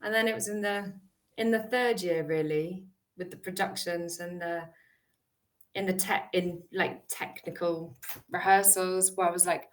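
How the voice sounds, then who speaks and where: A British woman, an actor, telling her story as an interview guest, animated and laughing as she acts out her past self. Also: lowish voice, a little slow. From United Kingdom.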